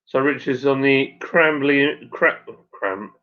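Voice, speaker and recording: A man's voice: medium pitch, a little slow, highs cut off. A man hosting a casual live stream, chatting and reading out viewers' messages, sometimes tripping over names.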